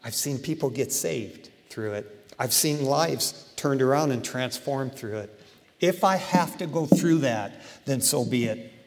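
Man, pastor, conversational sermon, lively delivery, slangy, echoing church hall. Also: medium pitch, unhurried, creaky. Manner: animated, conversational preaching with slang.

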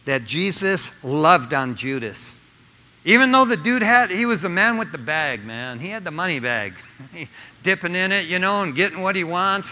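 Male pastor, casual slangy sermon, bright tense voice, long hall reverb. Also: high-pitched. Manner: casual slangy preaching, acts out characters. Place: church sanctuary.

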